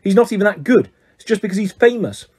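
A man's voice: high-pitched, lively intonation, darkish tone, husky, pitched above the performer's own voice. A man doing a sulky spoiled schoolboy. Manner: sulky and quick, whiny.

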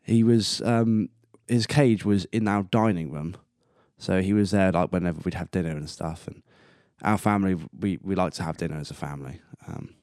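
A man's voice: low-pitched, normal speed, a little mellow, dry recording, studio quality. A man hosting a casual solo podcast, rambling and chatty, swearing casually and laughing at himself. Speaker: podcast host.

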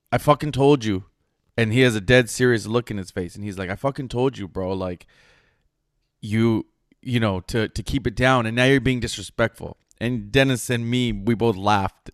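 Animated, swearing storyteller man, dry sound. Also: mid-range voice, clean tone, no echo. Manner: animated storyteller, acts out quotes, swears casually. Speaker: podcast co-host. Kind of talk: casual storytelling chat.

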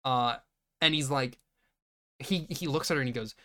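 A man's voice: mid-range voice, a little fast. A man casually recaps a film on a podcast in an ordinary mid-range voice. He acts out the characters' lines and breaks into laughter often. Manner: animated retelling, acting out lines, laughing often. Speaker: podcast co-host. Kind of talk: casual movie recap chat.

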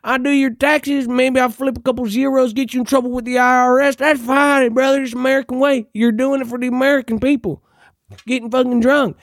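A man's voice: very high-pitched, little pitch movement, a little fast, no room sound, clean studio sound, voice pushed up. A man mockingly voicing a swaggering, patriotic macho bro who keeps calling people "brother.". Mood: boozy bragging.

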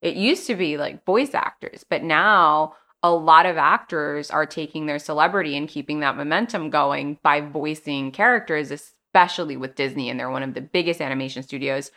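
A young adult woman speaks as a guest in a relaxed interview, telling her stories in a chatty, animated way. Her voice sits low, and she slips into other people's words as she recounts things. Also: moderate pace, hardly any pauses. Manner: chatty, animated storytelling with acted-out quotes. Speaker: actress guest. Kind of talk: casual interview chat.

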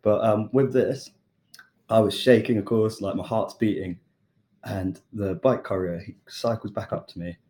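Low, mellow British man telling a story. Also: normal speed. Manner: animated storyteller acting out quoted voices. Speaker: chef and podcast guest. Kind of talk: casual storytelling.

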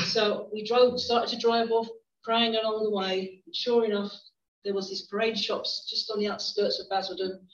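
In a church hall, a visiting preacher, a middle-aged woman, delivers a storytelling sermon in a chatty way with frequent restarts. She speaks at a moderate pace in a mid-range voice with flat delivery. The recording is distant, roomy and dull.

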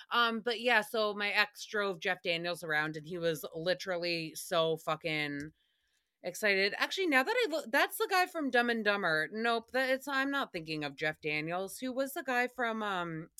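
A woman hosting a podcast, recapping a radio show in a casual, sarcastic and profane way, often breaking into loud laughs. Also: medium pitch, clear, resonant tone, no room sound, studio quality.

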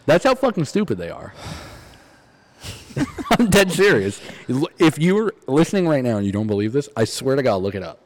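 A man's voice: mid-range voice, big pitch swings, moderate pace, a little hiss or hum. A man co-hosting a casual podcast, blunt and profane, joking rants. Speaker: podcast co-host. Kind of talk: casual chat.

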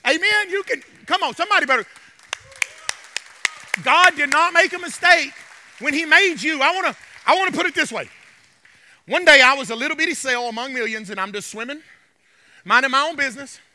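A male pastor preaching a sermon to his congregation, swinging from quiet asides to hollering and calling out to the crowd. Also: very high voice, lively intonation, fairly quick, long pauses, long reverb tail, noisy background. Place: church sanctuary.

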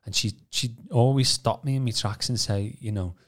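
A man's voice: mid-range voice, normal speed. A man telling his story on a podcast in a rambling way, full of restarts and fillers. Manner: rambling, many restarts and "you know" fillers. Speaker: podcast co-host. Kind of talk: casual personal testimony.

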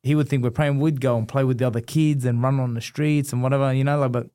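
A man in his thirties, mid-pitched, telling stories with lively energy. He acts out the voices of the people in his story and keeps a relaxed, conversational flow. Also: quick pace, clean tone. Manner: animated storyteller, acts out dialogue. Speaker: guest, former boxer. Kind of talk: storytelling in a casual interview.

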